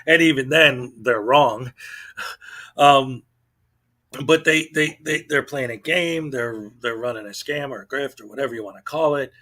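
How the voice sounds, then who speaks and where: A man hosts his own channel and talks in an exasperated, casual commentary style. He often trips over his words, repeating them and starting sentences over. His voice sits at an ordinary middle pitch. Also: a little slow, bright, forceful tone. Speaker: channel host.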